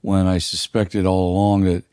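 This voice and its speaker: An older man with a husky voice, telling a rambling, halting story full of fillers as a podcast guest. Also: low voice, monotone, dark tone, dry recording, studio quality. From United States. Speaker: guest musician. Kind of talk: casual storytelling.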